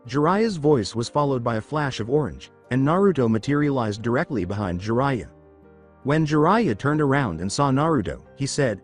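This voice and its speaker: A man narrating a fan-made story in a steady read-through, over faint background music. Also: medium pitch, a little fast.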